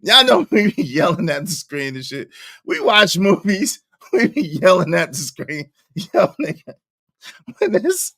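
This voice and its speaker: A man doing casual livestream reaction commentary, animated and profane, laughing often and repeating himself for emphasis. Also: fairly high pitch, unhurried, vocal fry, no echo, clean studio sound.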